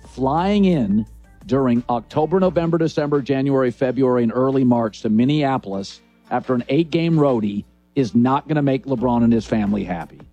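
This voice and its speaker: A man's voice: mid-range voice, lively intonation, normal speed, mellow, muffled recording, faint music behind. A man hosting a sports talk show, speaking in emphatic, declarative bursts.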